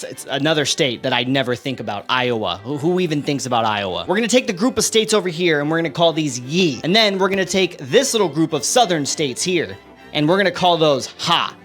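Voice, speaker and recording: A young man with a bright, high-pitched voice gives a sarcastic, animated comedic commentary, pushing his voice up sharply for emphasis. Faint music plays underneath his close mic. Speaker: online creator.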